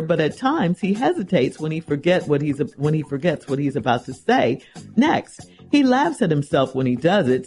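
Casting: animated female host, teasing and incredulous advice. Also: low-pitched. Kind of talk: reading a letter and giving advice.

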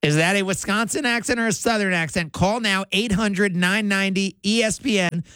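High-pitched guy hosting sports radio call-ins, dry close mic, laughs a lot. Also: moderate pace, bright, forceful tone, smooth, dry recording.

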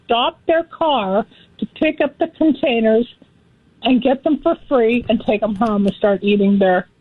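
A woman's voice: on the high side, unhurried, husky, dry recording. A chatty woman from the Los Angeles area, telling odd news stories on a call and laughing at her own jokes. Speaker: guest commentator. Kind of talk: casual phone-in chat. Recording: tinny phone line.

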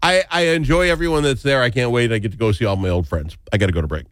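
A man's voice: medium pitch, very fast, fairly bright tone, dry recording, studio quality. A man hosting a talk radio show, opinionated, indignant and jokey.

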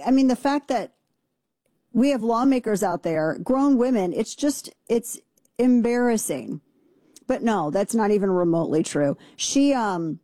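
A woman hosting a casual political commentary show, talking fast and mocking her targets with sarcasm. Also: medium pitch, dark tone, no echo, clean studio sound. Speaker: show host.

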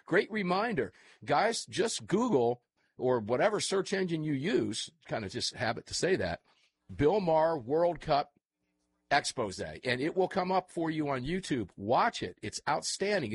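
A man hosting a casual talk show, chatting in a rambling, animated way. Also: a little high, moderate pace, breathy edge. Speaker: show host.

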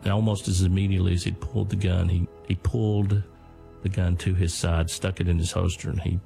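An older man earnestly telling the story of his father's wartime stand, speaking in a deliberate way. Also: low voice, level tone, vocal fry, dark tone, soft background music. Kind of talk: storytelling talk.

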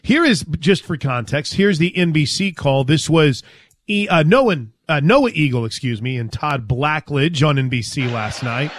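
A man hosting a sports talk show, animated and joking as he chats with his co-host. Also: a little high, normal speed, no room sound.

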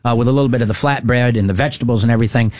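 A man's voice: medium pitch, very fast, darkish tone, no room sound, clean studio sound. A man hosting a casual chat, joking and using many fillers.

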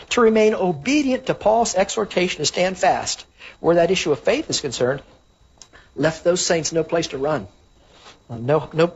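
A man's voice: fairly high pitch, breathy edge. A man preaching a sermon, earnestly teaching from the Bible and citing chapter and verse. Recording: dull lo-fi recording.

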